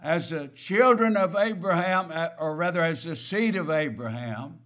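A man's voice: on the high side, normal speed, a bit bright. A man preaching a sermon, stressing key words and asking his listeners rhetorical questions.

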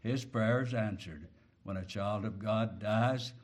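In a measured, unhurried delivery, the man preaching shifts from quiet, deep phrasing to booming emphasis whenever he hits a key word.

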